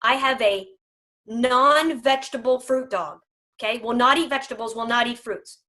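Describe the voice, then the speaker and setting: A woman's voice: on the high side, moderate pace, pushed and bright. A woman speaking for a dog food company in a casual video chat, emphatic, humorous and persuasive.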